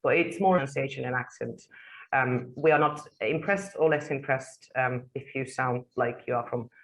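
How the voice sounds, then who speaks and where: Native English-speaking woman panelist, low voice, emphatic, lots of ums. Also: normal speed, poor audio. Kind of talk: webinar panel discussion.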